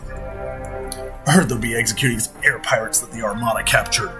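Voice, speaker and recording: A man's voice: medium pitch, steady tone, normal speed, pushed and bright, faint music behind, natural voice. A man doing a gossipy British tavern patron.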